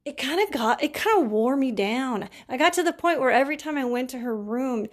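Middle-aged woman caregiver, chatty storyteller who laughs a lot and mimics people, slightly high voice. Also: animated, brisk. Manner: chatty, laughs often, acts out quoted people. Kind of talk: casual advice talk with personal stories.

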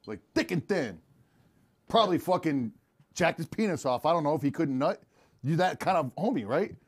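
A man's voice: on the high side, expressive, moderate pace. A man playing a lawyer in an improvised mock courtroom comedy, crude and mocking, questioning with theatrical flair.

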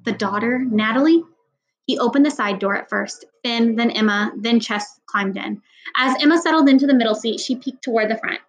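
A woman with a somewhat high voice reads a children's novel aloud. Her narration is steady and even, in the manner of storytelling. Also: a little fast, low-quality recording. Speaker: audiobook reader.

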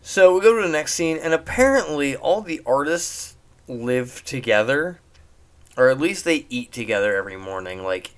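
A young man giving a casual, rambling recap of a movie, animated and laughing at the jokes. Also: medium pitch, unhurried, long pauses, clean tone.

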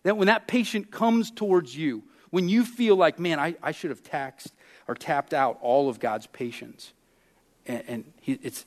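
A man preaching a sermon as pastor, telling stories with lively swings between loud and soft. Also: a little high.

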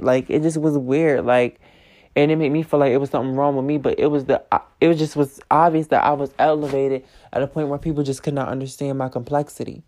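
A woman's voice: low-pitched, mellow. A young woman in her twenties, a podcaster, tells a personal story in a blunt, profane, emphatic way and repeats phrases for force.

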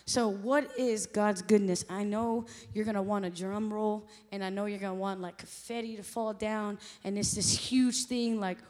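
A woman's voice: medium pitch, fairly even intonation, moderate pace, hardly any pauses. A woman preacher delivering a sermon, impassioned at moments and chatty and self-joking at others. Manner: impassioned, rising to loud emphatic peaks, then chatty and self-joking. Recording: long hall reverb.

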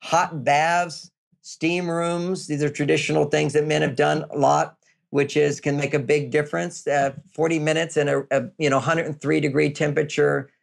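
An older man speaks as an interview guest, laying out advice step by step and repeating his key points for emphasis. His voice sits a little high and carries a gravelly edge. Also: flat delivery, moderate pace. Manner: explanatory, repetitive, emphatic. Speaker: relationship author, guest.

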